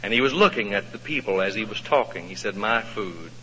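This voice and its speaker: A man's voice: lowish voice, quick pace, a little hiss or hum. Folksy male preacher in an echoing hall. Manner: folksy, expressive, asks the audience questions. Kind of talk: sermon storytelling. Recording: echoey hall, dull lo-fi sound.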